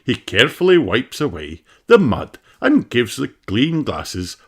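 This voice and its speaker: Brief: man reading a children's storybook aloud, slow and sing-song, mid pitch, audible hiss. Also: wildly swooping pitch. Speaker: storybook reader. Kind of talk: children's read-aloud narration.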